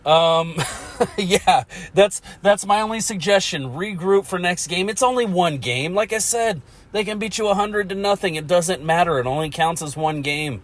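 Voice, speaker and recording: A man's voice: sits high, moderate pace. Chuckling, rambling male podcast host. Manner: rambling, chuckles often, self-mocking. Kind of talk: casual solo podcast monologue.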